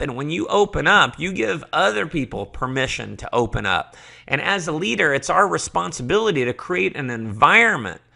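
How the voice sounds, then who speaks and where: Bright, gravelly-voiced man giving a fired-up training talk. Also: on the high side. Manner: passionate, emphatic, repeats key phrases. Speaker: network marketing trainer.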